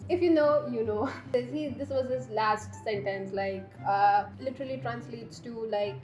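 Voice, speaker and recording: A woman's voice: a little high, unhurried, few pauses, darkish tone. A young woman, telling a storytime while doing her makeup, exasperated and laughing as she swears and rants. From India. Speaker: beauty vlogger. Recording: echoey room with faint background music.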